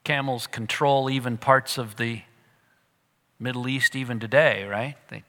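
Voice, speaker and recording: A man preaching a sermon, animated at times and dropping to a hush for emphasis. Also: medium pitch, unhurried, in a large hall. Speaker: pastor.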